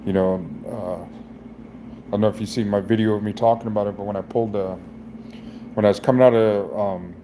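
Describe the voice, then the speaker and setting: A middle-aged man in a personal vlog, talking in a halting, rambling way with many restarts, emotionally raw and near tears. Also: fairly low pitch, steady tone, warm tone, slight background noise. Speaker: vlogger.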